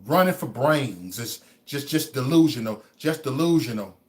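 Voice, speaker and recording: A man hosting a livestream, giving a motivational talk to his chat. He repeats phrases over and over and stammers on single words, swinging between hushed musing and loud preaching. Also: mid-range voice, lively intonation, moderate pace. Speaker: livestream host.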